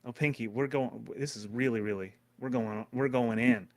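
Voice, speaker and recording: A man's voice: mid-range voice, fairly even intonation, normal speed, darkish tone, dry recording. Rambling man hosting a live stream. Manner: rambling, profane, talks to his chat. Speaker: streamer host. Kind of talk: casual live-stream commentary.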